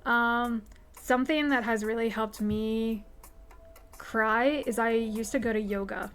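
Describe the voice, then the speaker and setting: Woman streamer venting to chat, pretty high voice, swears a lot, soft music behind. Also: fairly even intonation, a little slow, clean tone. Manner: candid, profane, emphatic. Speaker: livestream host. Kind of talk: casual chat answering viewer questions. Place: home streaming setup.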